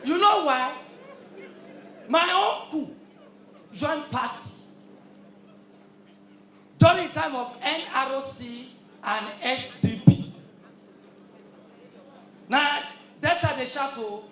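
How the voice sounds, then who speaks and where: Loud Nigerian Pidgin stand-up comic. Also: male voice, very high-pitched, expressive, slow, long pauses, reverberant, a little hiss or hum. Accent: Nigerian Pidgin English. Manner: loud, punchy, shouted punchlines. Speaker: stand-up comedian. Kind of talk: live stand-up comedy.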